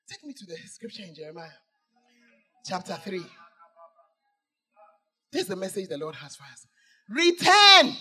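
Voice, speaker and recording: A male pastor preaches a sermon in a slightly high, slightly rough voice, swinging between shouts and hushed asides as he teases the congregation.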